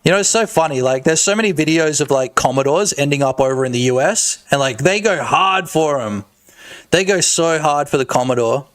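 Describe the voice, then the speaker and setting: A man in his thirties with an Australian accent, chatting loosely on a game dev stream, joking, swearing and breaking into loud shouts. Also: fairly high pitch, expressive, brisk, clear, resonant tone. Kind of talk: casual live-stream chat.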